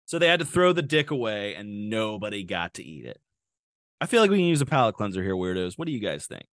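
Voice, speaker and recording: A man's voice: lowish voice, sing-song, quick pace, very noisy. A man hosting a comedic true-crime podcast, rambling and joking with lots of filler and swearing. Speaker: podcast host.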